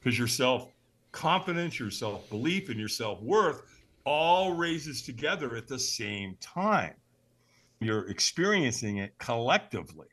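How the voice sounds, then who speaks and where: A man, a podcast guest, telling a personal story in an animated way, acting out the voices he quotes and sometimes shouting them. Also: medium pitch, unhurried.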